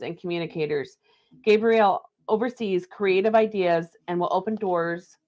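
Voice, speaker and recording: A woman's voice: fairly low pitch, a little mellow. Woman, live card reader, chatty, laughs between readings, reads messages aloud.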